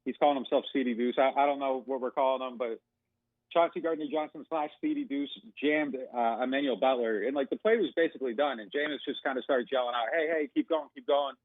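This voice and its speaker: A man's voice: medium pitch, dry recording. Man talking football over a tinny phone line. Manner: talkative, rambling with many fillers. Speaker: sports reporter guest. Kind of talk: casual phone-in analysis.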